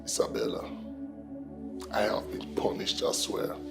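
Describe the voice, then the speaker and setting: An actor playing a guilt-ridden husband confessing past sins in a hushed, remorseful way, with a Nigerian English accent. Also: male voice, a little slow, music in the background, close to an everyday voice.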